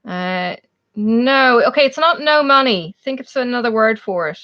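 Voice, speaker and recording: A woman's voice: on the high side, animated, normal speed. Chatty Irish woman hosting a livestream. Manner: chatty, laughs often, reads out viewers' names. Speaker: livestream host. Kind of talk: casual live chat with viewers. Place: home, in Australia. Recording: dull lo-fi stream audio.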